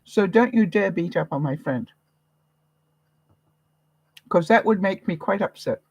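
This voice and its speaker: A woman from Canada talks straight to her viewers in a live stream, encouraging them like a caring mother figure. Her voice sits at a middle pitch and is recorded close and dry, with no room sound. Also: expressive, unhurried, slightly rough, no room sound, highs cut off. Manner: warm, encouraging, motherly pep talk. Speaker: vlogger host.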